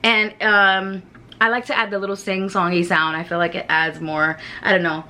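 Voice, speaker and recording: A woman's voice: mid-range voice, flat delivery, moderate pace, sharp tone. A woman giving casual travel tips to camera in a frank, chatty way with mild swearing. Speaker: travel vlogger.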